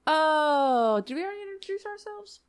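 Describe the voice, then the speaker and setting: A young adult woman co-hosting a podcast in casual chat, animated and swearing casually, often laughing. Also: sits high, moderate pace. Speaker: podcast co-host.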